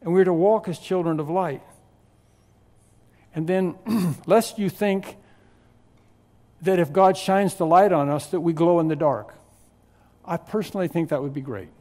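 This pastor works through scripture verse by verse, stressing important words emphatically and stretching them for emphasis. His voice sits a bit high for a man with a slightly mellow quality, and the sound rings with long hall reverb.

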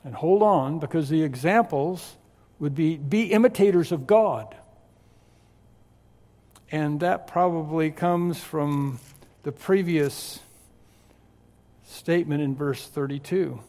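In a verse-by-verse expository sermon, a pastor with a slightly high voice for a man leans hard on key words and draws them out for weight. A long, ringing hall reverb surrounds him, and his tone is a little mellow.

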